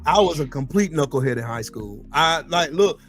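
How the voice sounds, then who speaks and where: A middle-aged man hosting a podcast, telling military stories in a casual, profane and animated way. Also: normal speed, soft background music. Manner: animated, profane, swings between loud and low. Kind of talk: casual storytelling chat.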